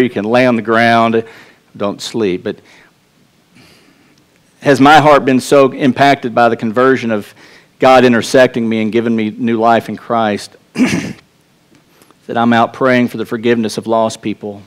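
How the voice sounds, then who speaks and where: Earnest Texan pastor preaching. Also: male voice, medium pitch, steady tone, a little slow, long pauses. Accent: Texas. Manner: earnest, conversational preaching with restarts and asides to the congregation. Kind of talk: sermon.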